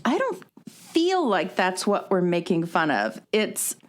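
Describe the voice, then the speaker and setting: A woman co-hosting a podcast in casual chat, who reacts quickly and laughs often. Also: lowish voice, wildly swooping pitch. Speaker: podcast co-host.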